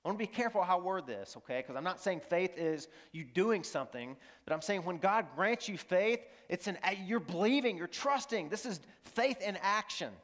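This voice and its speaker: A man's voice: high voice, animated, moderate pace, few pauses, a bit bright. A male pastor preaching a sermon in a school auditorium, earnest and emphatic, repeating lines and asking the audience questions. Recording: long hall reverb from the auditorium.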